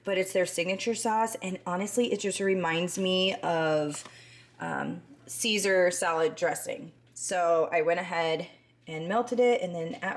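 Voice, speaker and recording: A woman chatting in a casual voice-over about her cleaning routine, rambling with asides and short of breath. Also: lowish voice. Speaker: cleaning vlogger.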